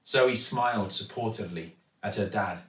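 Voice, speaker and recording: A man with an English accent reading a children's storybook aloud with steady, expressive storytelling. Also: lowish voice, normal speed, far from the mic. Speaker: actor reading a children's book. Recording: echoey room, voice from off-mic.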